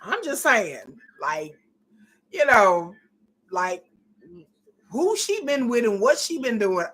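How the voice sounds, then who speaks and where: High, animated woman ranting bluntly. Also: slow pace. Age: 40s. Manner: blunt, profane, exasperated ranting; repeats and restarts when riled. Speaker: reality TV recap host. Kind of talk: casual live episode commentary.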